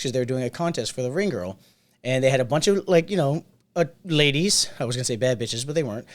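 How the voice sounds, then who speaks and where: Racing along in a medium-pitched voice, a man co-hosting a podcast spins a story in casual conversation, animatedly voicing the people he quotes.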